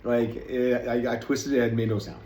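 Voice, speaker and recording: A man's voice: medium pitch, little pitch movement, normal speed, a little mellow. A man talking casually to his camera as he tastes snacks, rambling and chatty, poking fun at himself. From United States. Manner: rambling, chatty, self-deprecating. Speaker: vlogger. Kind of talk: casual food-tasting chat. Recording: echoey room with faint noise.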